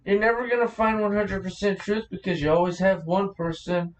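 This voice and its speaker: A man co-hosting a podcast in casual chat, blunt and profane and quick to laugh. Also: high voice, fairly even intonation, far from the mic. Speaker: podcast co-host.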